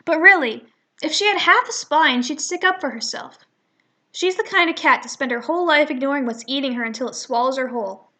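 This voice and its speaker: A woman voicing a sharp-tongued young female cat from a comic she reads aloud, cutting and scornful. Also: high-pitched, a little fast.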